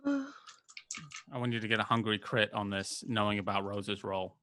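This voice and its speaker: Bright-voiced man playing a tabletop game. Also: on the low side, animated, a little hiss or hum. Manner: joking, quick remarks. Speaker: player. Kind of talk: casual tabletop game play.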